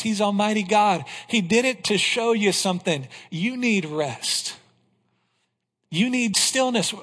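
High-voiced preaching man in a reverberant hall. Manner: emphatic preaching, rhetorical questions, drops to a hush for key lines. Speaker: pastor. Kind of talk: sermon. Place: church sanctuary.

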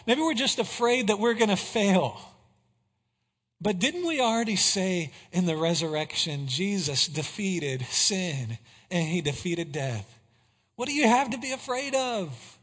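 Guy preaching a sermon, high voice, goes quiet then loud, big echoey church. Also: expressive, a little slow. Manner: swings from hushed to shouted, exclaims praise. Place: church sanctuary. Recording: long hall reverb.

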